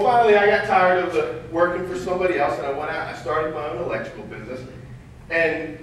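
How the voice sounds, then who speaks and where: A man giving a motivational keynote, telling lively anecdotes and acting out dialogue with laughter. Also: fairly high pitch, slight background noise. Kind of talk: storytelling keynote talk. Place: large event hall. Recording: echoey hall from far off.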